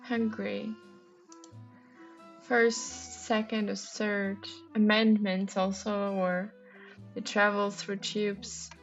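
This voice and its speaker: A woman's voice: mid-range voice, level tone, very slow. A woman livestreaming a crossword solve, reading clues aloud and musing over answers with many hesitant ums. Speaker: streamer solving a crossword. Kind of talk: thinking aloud while solving. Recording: dull lo-fi recording. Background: faint background music.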